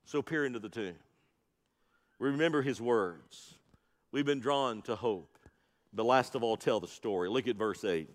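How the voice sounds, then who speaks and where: A man's voice: mid-range voice, measured pace, pauses often, long reverb tail. A male pastor preaching an Easter sermon, with rising and falling emphasis and calls out to the congregation. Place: church sanctuary.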